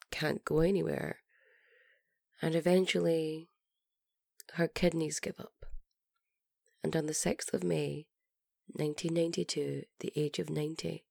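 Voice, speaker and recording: A woman hosting a podcast, telling a story casually with lots of fillers, her voice gravelly from being sick. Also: low voice, darkish tone, dry recording, studio quality. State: sick, hoarse. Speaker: podcast host.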